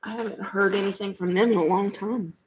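A woman's voice: medium pitch, steady tone, brisk, a little hiss or hum, low-quality recording. A woman with a Southern US accent chatting casually with her live-stream chat at home, laughing often. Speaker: vlogger reading live chat. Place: home room.

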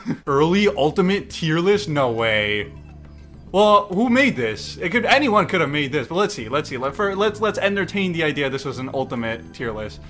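A young man reacting to memes in casual commentary, excitable and mock-exasperated, swearing and laughing often. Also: a little high, moderate pace. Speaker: YouTube meme reactor. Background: faint background music.

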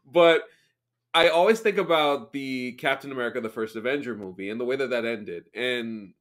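A man hosting a podcast, chatting casually, enthusiastic and halting as he restarts his sentences. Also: medium pitch, fairly bright tone. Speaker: podcast host. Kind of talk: casual chat.

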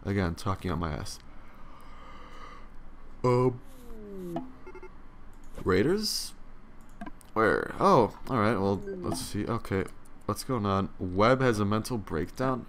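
A man's voice: fairly low pitch, sing-song, slow pace, pauses often, a bit bright, a little hiss or hum. A young man giving casual gameplay commentary, profane, sarcastic and tired, grumbling at the game. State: yawning, tired. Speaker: let's play commentator.

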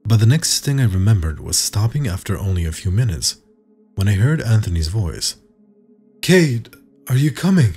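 A husky, low-voiced man reads a horror story with measured suspense. His pitch moves animatedly through the lines. Faint music plays underneath. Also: animated, dark tone. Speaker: narrator. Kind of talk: scripted horror story narration.

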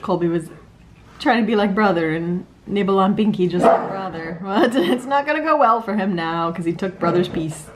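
A woman's voice: medium pitch, moderate pace, heavy background noise. A young woman casually vlogging in her home kitchen, chatty and upbeat, with bad jokes, on a handheld camera.

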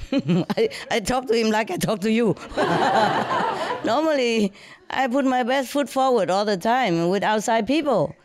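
A woman telling a casual story to listeners in broken English, animated and often laughing as she speaks. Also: on the high side, unhurried, a crowd in the background. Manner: non-native English with broken grammar. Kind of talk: casual anecdote told to listeners.

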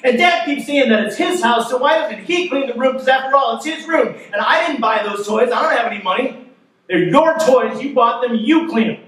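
A man's voice: extremely high pitch, expressive, normal speed, fairly bright tone, voice pushed up. A man voicing an angry young boy who protests about cleaning his room, complaining indignantly. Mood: furious, whiny. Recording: echoey sanctuary, mic far off.

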